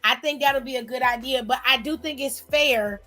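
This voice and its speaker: A woman's voice: sits high, moderate pace, bright, forceful tone. A woman hosting a casual live stream, chatting and reading viewer comments in a playful, familiar way. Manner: chatty and playful, calls viewers honey and child.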